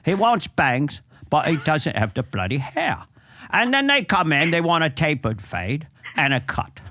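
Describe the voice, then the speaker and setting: A man impersonating a grumpy ninety-year-old male barber, talking slowly and gruffly. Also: a little high, wildly swooping pitch, bright, forceful tone, no room sound, clean studio sound, heavily acted. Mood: grumbling. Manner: slow, gruff, swearing.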